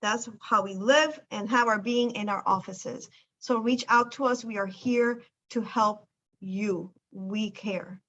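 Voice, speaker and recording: A woman's voice: mid-range voice, fairly even intonation, slow pace, a bit bright, slight background noise. A woman hosting a casual chat about a weight loss program, telling a client story in an emphatic, enthusiastic way. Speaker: weight loss clinic host. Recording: dull lo-fi sound.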